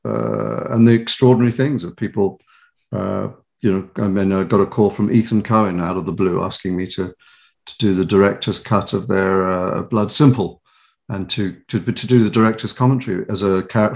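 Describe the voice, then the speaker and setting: British guy rambling thru showbiz stories, lots of restarts and laughs, lowish voice. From England. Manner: animated storyteller with many restarts and laughs. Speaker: guest, voice actor and author. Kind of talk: casual interview chat.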